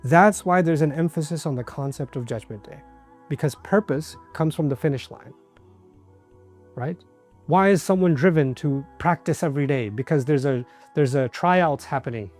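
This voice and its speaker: A man's voice: on the high side, normal speed, a little mellow, soft background music. A man giving a religious lecture in a conversational way, asking rhetorical questions and acting out the people he quotes. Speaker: preacher.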